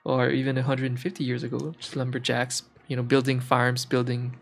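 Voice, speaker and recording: A man's voice: medium pitch, level tone, fairly quick, gravelly. Man chatting loosely on stream. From French-speaking Canada. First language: French. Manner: rambling, searches for words, frequent fillers and restarts. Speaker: art streamer. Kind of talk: casual chat while drawing on stream.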